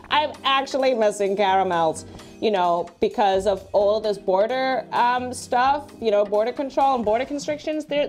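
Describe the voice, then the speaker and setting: Mulher animada e estridente, exclamando alto. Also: female voice, sits high. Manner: loud, exclaiming, crude. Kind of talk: comic workout and audience banter.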